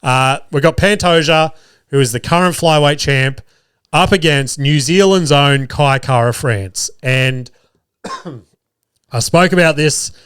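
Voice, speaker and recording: A man's voice: fairly high pitch, a little slow, a bit bright, clear, resonant tone, no echo, studio quality. An Australian man hosting a podcast, chatting loosely and swearing as he picks bets, under the weather with a cough. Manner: rambling, swears often, many restarts and fillers. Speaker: podcast host. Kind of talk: casual sports betting chat. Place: small studio. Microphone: studio mic.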